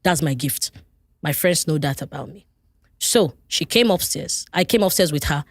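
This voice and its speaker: Nigerian woman, lively storyteller. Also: deep voice, normal speed, dry recording, studio quality. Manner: animated, vivid retelling with laughter. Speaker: guest. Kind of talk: personal storytelling in a podcast interview.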